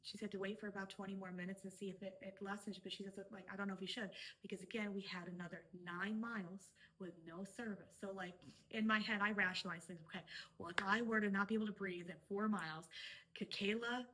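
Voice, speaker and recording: A woman's voice: medium pitch, fairly even intonation, fast, sharp tone. A woman, an interview guest, telling a story in a casual, rambling way with many "like" asides.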